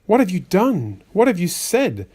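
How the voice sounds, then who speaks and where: A man's voice: high-pitched, huge pitch swings, measured pace, dark tone, slightly rough, voice pushed up, full character voice. A man voicing a fussy magician's white rabbit that scolds a child in rhyme, exasperated and sing-song. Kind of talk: rhyming storybook reading.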